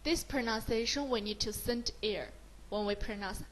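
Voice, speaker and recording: Female Mandarin tutor, Chinese accent, higher voice, patient and encouraging, switches between English and Mandarin. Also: normal speed, low-quality recording. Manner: mixes English with Mandarin, praises often. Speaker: Mandarin teacher. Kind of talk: slow, encouraging beginner lesson.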